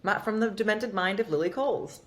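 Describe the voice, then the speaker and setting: With crowd noise behind her, a woman actor speaks a little fast at medium pitch as a podcast guest. The casual interview chat is candid and rambling, full of fillers, especially "like".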